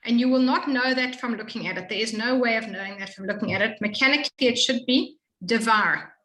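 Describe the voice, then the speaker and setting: A woman tutoring a student in Hebrew reading, explaining patiently and slowly modeling each sound. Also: on the high side, fairly bright tone, reverberant, low-quality recording. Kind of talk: one-on-one reading lesson.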